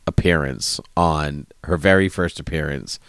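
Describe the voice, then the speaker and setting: A man co-hosting a casual TV recap podcast, jokey and animated, slipping into silly bits. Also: a bass voice, measured pace, no room sound, studio quality. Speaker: podcast co-host.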